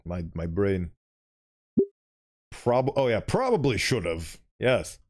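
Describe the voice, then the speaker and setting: A man's voice: medium pitch, animated, normal speed, darkish tone. A young man streaming, reading a visual novel aloud and rambling through commentary with chuckling, self-interrupting asides.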